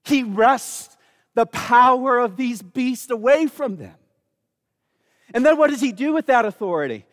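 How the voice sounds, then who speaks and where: A man's voice: extremely high pitch, lively intonation, measured pace, a bit bright, dry recording, clean studio sound, big-room sound. A man preaching a sermon, emphatic and calling out to the congregation.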